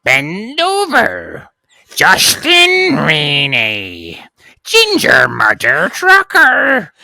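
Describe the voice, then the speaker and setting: A podcast co-host voicing a gravelly, throaty male creature as he slowly reads out a list of names. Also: high-pitched, huge pitch swings, sharp tone, dry recording, pitched above the performer's own voice, exaggerated voice. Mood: croaking. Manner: drawn-out, slow name reading.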